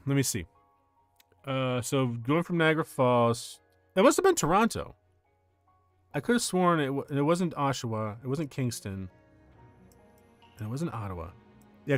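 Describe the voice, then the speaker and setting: A man in his forties chatting casually on stream, rambling through a story and cutting himself off often. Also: medium pitch. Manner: rambling, self-interrupting storyteller. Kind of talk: casual chat.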